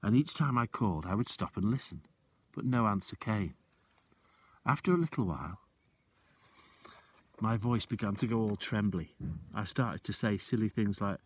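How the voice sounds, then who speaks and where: A male teacher reading a children's book aloud, expressive and slowing down for suspense. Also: on the low side, husky, dry recording.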